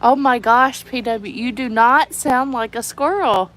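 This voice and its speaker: Giggly woman with a bright childlike voice. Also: a little high, unhurried. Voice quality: childlike, youthful-sounding voice. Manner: giggly, animated, laughs often. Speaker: livestreamer. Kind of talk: casual live chat reading viewer comments.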